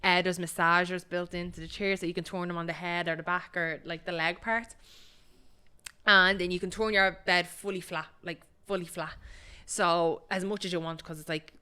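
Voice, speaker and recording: Chatty Irish woman, low voice. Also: steady tone, normal speed, sharp tone, clear, resonant tone. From Ireland. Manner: chatty storytelling, full of likes and ums, swears freely. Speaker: podcast co-host. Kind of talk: casual chat.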